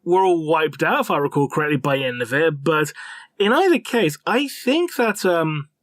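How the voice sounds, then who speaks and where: A man's voice: on the high side, moderate pace, no echo. Man, livestream co-host, easygoing, lots of ums, dry room. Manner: relaxed, filler-heavy, jokey. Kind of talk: casual livestream chat.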